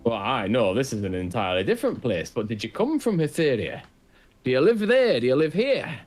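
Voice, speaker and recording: A man's voice: medium pitch, very animated, a little fast, a little mellow, faint music behind. A man voicing an eager, nosy young male dwarf with a Scottish accent, chatty and pushy, firing off question after question in improvised tabletop role-play. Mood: eager, prying.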